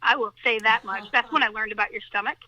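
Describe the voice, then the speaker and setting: A woman's voice: a little high, quick pace, pushed and bright, poor audio. A woman guest chatting playfully with her best friend and laughing often. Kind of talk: casual chat.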